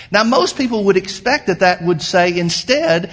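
A man preaching a sermon as pastor, emphatic, slowing down to quote scripture. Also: high voice, very animated, a bit bright.

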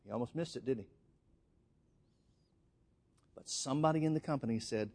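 A man's voice: medium pitch, expressive, brisk, pauses often, darkish tone, breathy edge. A man preaching a sermon, telling a story with emphatic delivery. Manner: emphatic storytelling, addresses the congregation as folks.

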